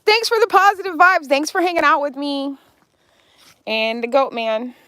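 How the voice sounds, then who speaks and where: A woman's voice: high-pitched, normal speed, sharp tone, no echo. A woman live-streaming with her rescued animals, chatting casually and cooing baby talk at them.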